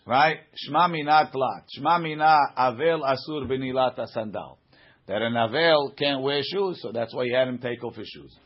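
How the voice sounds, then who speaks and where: A man's voice: mid-range voice, moderate pace. A man teaching a Talmud class, reading lines aloud and explaining them in plain conversational English. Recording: dull lo-fi classroom recording.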